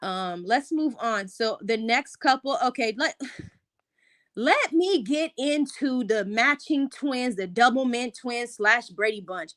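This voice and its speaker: A woman, herself a mother, giving a casual, opinionated recap of a reality show into a close microphone, with sudden excited jumps in pitch. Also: takes it slowly. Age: adult, a mother. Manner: chatty, opinionated, animated rises in pitch.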